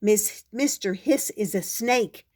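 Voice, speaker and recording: A woman's voice: mid-range voice, slow, a little mellow. Grandma playing a proud little girl superhero.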